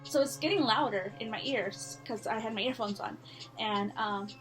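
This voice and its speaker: A woman's voice: on the high side, normal speed, music in the background. A young woman telling a scary story in a casual, rambling way, full of fillers and swearing.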